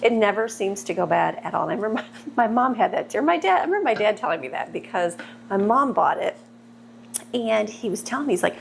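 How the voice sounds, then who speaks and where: Cooking at home, this middle-aged vlogger keeps up a rambling casual chat full of laughter, her mid-range, gravelly voice lively and quick. A clip-on mic on her shirt picks up slight background noise.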